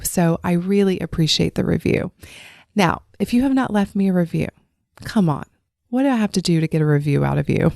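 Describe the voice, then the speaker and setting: A woman's voice: fairly low pitch, warm tone, no echo, studio quality. Chatty woman hosting a podcast. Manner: chatty, upbeat and personal. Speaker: podcast host. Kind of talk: casual solo podcast talk.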